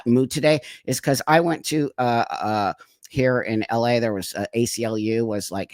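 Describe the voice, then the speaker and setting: A man's voice: medium pitch, no room sound, clean studio sound. A man hosting his own channel, talking casually to viewers in a fired-up, rambling way with many restarts. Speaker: channel host. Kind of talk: casual commentary vlog. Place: Los Angeles.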